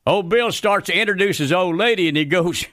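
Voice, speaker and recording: Brief: a man voicing a grumpy redneck radio commentator, drawl, bright and forceful, rather high-pitched. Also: brisk, no echo, clean studio sound. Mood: ranting. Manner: folksy, ranting, ungrammatical drawl. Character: loudmouthed folksy redneck male commentator, middle-aged, grumpy. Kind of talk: scripted radio comedy rant.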